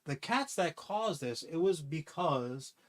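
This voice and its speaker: A man chatting casually on a podcast, rambling and swearing as he pitches a movie idea with acted-out quotes. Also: slow pace. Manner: rambling, profane, animated storytelling with acted-out quotes. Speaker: podcast co-host. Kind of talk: casual comic-book podcast chat.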